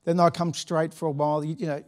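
A man's voice: on the high side, little pitch movement, fast, a little mellow. Aussie pastor guy telling a story in church, chatty, lots of restarts and laughs. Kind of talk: sermon anecdote.

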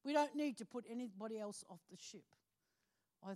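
A woman's voice: on the high side, fairly quick, long pauses, mellow. A middle-aged woman preaching a personal testimony, telling her story with animation, acting out phone calls in other voices and often breaking into laughter. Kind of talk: testimony from the pulpit.

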